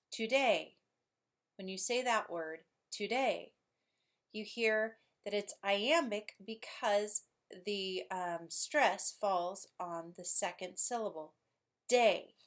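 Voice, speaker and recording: Woman teacher talking slow and patient to her class, leans on the stressed syllables. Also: mid-range voice, a bit bright. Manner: patient, explains step by step, stresses syllables aloud. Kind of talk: classroom lesson video.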